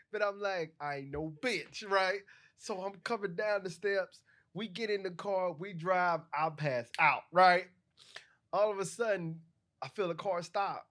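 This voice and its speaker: A man co-hosting a podcast, telling a story in casual, animated chat, laughing often and swearing freely. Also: high voice. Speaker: podcast co-host.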